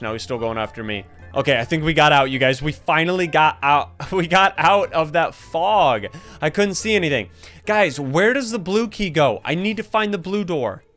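Young guy streaming a scary game, high voice, yelps a lot, keeps saying you guys, bit of music under it. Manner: excitable, yelps and shouts at scares; talks to viewers as "you guys". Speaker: gaming YouTuber. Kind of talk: let's play commentary.

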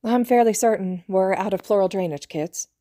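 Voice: medium pitch, moderate pace, warm tone, dry recording, studio quality, close to an everyday voice. A woman voicing an uncertain junior medic who asks hesitant questions.

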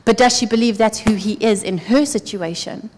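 A woman preaching a sermon in an earnest, conversational way, her voice often dropping soft. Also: a little high, moderate pace, a little hiss or hum. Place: church hall. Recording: church hall with long reverb.

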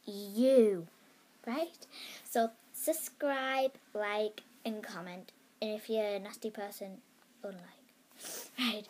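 A woman's voice: medium pitch, very slow, slight background noise. A woman vlogging casually to camera, hesitant and rambling, often dropping to a whisper.

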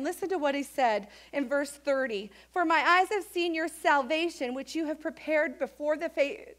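A woman pastor preaching a lively sermon in church, reading scripture and acting out quoted voices. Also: sits high. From United States. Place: church sanctuary.

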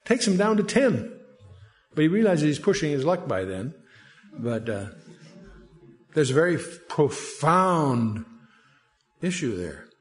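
Very animated yet measured, this slightly high male voice moves through a Bible study with long pauses. The teacher wanders into asides conversationally and raises his voice to read scripture aloud.

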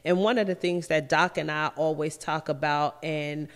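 A woman's voice: low-pitched, fairly even intonation, moderate pace, smooth, in a large hall. A woman hosting a call-in talk radio show, who talks emphatically, repeats her phrases and laughs easily.

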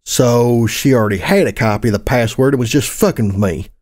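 A man narrates a first-person story in a gritty, expressive way, with casual swearing thrown in. His voice sits at an ordinary, mid-range pitch. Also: brisk. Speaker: audiobook narrator.

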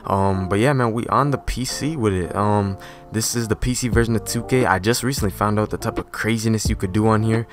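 A young man giving energetic, dramatic gameplay commentary as a gaming YouTuber, talking in a slangy, excitable way. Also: on the low side, a little fast, over music.

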